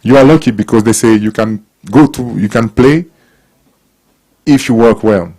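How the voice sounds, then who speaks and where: A man giving casual, encouraging advice to young people, with halting restarts. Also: medium pitch, darkish tone. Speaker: guest speaker, former footballer. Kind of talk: casual talk to young audience.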